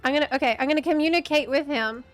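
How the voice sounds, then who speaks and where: A woman's voice: sits high, racing, soft background music. A woman streamer chatting casually with teammates while gaming, playful and giggly. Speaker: game streamer.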